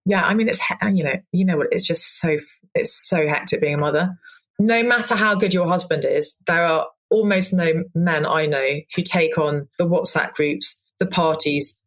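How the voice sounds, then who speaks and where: A woman's voice: deep voice, a bit bright. A woman in her forties, a cook, talking candidly in a podcast interview, rambling with restarts and acted-out quotes. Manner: open, rambling, with many restarts and quoted asides. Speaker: guest cook.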